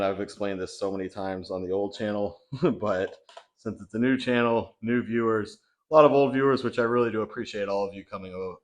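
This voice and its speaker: A young man chatting casually in a vlog, talking loosely with lots of fillers from his home kitchen. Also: lowish voice. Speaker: bodybuilding vlogger.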